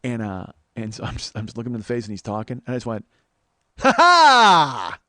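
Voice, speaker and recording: Fast-talking profane man. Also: on the low side, no echo, studio quality. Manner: profane, animated storytelling with acted-out quotes. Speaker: comedian host. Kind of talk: podcast storytelling.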